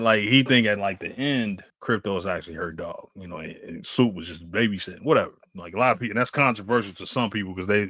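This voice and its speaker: Laid-back man with a low, dry voice. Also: pushed and bright, dry recording. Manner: rambling, halting, with many restarts and fillers. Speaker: podcast co-host. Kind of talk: casual chat.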